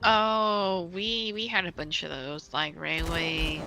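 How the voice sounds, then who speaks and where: A woman's voice: on the low side, level tone, takes it slowly, noisy background. A woman from England, chatting casually while gaming and rambling through her stories with many restarts.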